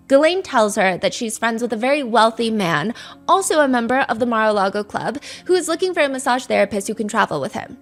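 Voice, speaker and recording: A woman's voice: a little high, lively intonation, fairly quick, soft background music. A woman hosting a true crime podcast, retelling a case and reading quotes aloud with blunt asides. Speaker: podcast host.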